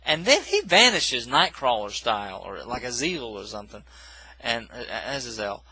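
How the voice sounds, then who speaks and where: Man, crisp bright voice, rambling movie recap, corrects himself a lot, dismissive. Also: mid-range voice, very animated, normal speed, low-quality recording. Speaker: movie reviewer. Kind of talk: casual spoken film recap.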